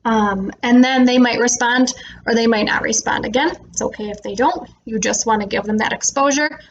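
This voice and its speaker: A woman speech therapist explaining reading tips to parents in a relaxed way, with frequent "um" fillers, slowing down to stress words when she models them. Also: a little high, dull audio, slight background noise. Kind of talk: instructional talk to parents.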